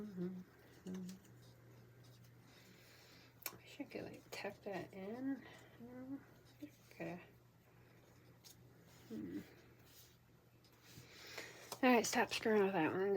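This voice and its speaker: A woman's voice: medium pitch, extremely slow, long pauses, a little hiss or hum. A woman chatting casually and rambling to herself while she makes an art journal page at home, her nose clogged, with a phone recording close by. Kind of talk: casual crafting chat.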